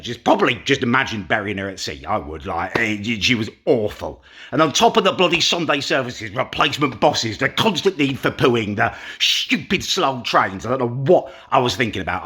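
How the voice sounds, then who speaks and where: A man's voice: mid-range voice, sharp tone, husky. A young man talking casually to camera in a rambling, self-deprecating vlog. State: hungover. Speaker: vlogger.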